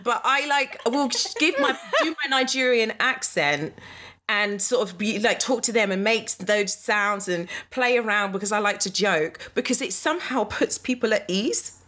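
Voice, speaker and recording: A woman's voice: mid-range voice, expressive, moderate pace, pushed and bright. Candid woman in her thirties. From England. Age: 30s. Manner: candid, reflective, many fillers. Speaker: actor. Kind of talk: casual conversation.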